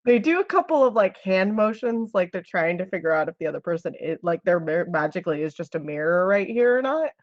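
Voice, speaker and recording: A woman's voice: on the low side, sing-song, brisk, hardly any pauses, dry recording. A woman playing a tabletop role-playing game, talking through her character's actions. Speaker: player. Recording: muffled lo-fi stream audio.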